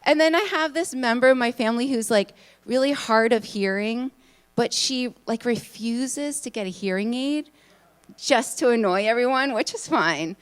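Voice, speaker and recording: A woman giving a live talk to an audience, chatty and excitable, with many fillers. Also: a little high, normal speed, clear, resonant tone. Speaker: conference speaker, hypnotist. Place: event room in front of an audience.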